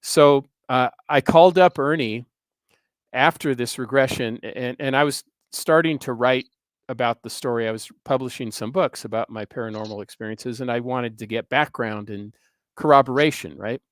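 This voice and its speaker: A man's voice: mid-range voice, moderate pace, dry recording. A man in his sixties, a guest on an interview show, telling a personal story in an earnest, rambling way with frequent hesitations. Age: 60s. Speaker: guest, history professor and author.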